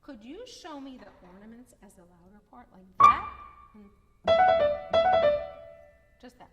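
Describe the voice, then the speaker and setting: Encouraging woman coaching a pianist, hums lines out loud, long reverb, piano behind. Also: fairly high pitch, sing-song, unhurried. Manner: encouraging, sings phrases to demonstrate. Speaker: piano teacher. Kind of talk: masterclass coaching. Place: concert hall with piano. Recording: echoey hall with piano playing.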